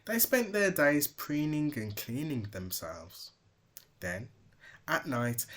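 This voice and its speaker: A man narrating a children's picture book aloud with expressive, dramatic storytelling. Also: mid-range voice. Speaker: father reading aloud.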